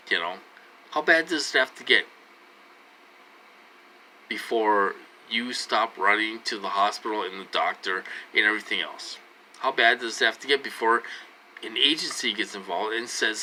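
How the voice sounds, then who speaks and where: Bright-voiced rambling man from Minnesota. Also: medium pitch, moderate pace, slight background noise, rough recording. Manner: rambling, repetitive, full of "you know". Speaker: vlogger. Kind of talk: casual monologue to camera.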